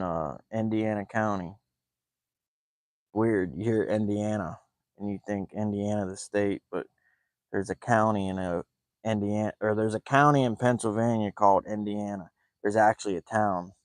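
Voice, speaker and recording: A rambling, amused man who drifts from story to story and laughs often. His voice sits on the low side, recorded close and dry with no room sound. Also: darkish tone, no room sound. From West Virginia and Ohio. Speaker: fishing vlogger. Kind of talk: casual storytelling.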